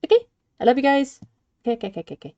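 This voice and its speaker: A woman's voice: very animated, very fast, mellow, no room sound. A woman livestreaming a game, chatting playfully with viewers and gushing over cute things, on slightly dull lo-fi stream audio. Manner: playful, gushing, switches into squeaky cute voices. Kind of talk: casual gaming livestream chat.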